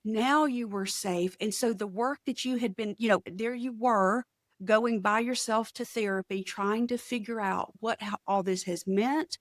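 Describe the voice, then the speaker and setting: A woman's voice: on the high side, fairly even intonation, no echo, studio quality. A woman hosting an interview, responding in a reflective, searching way with frequent restarts. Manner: warm, reflective, slow and searching, restarts often. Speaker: podcast host. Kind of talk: interview conversation.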